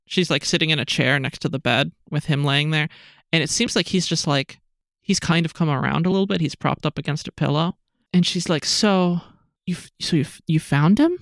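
A game master narrates a tabletop game, circling back with filler words and repeated phrases. The voice sits at a medium pitch, and the sound is dry and close to the mic. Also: brisk, vocal fry, fairly bright tone, no echo.

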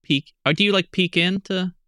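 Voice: mid-range voice, normal speed, sharp tone, smooth, dry recording, clean studio sound. A game master narrating a tabletop game in a loose, rambling way, full of "like" and repeated words.

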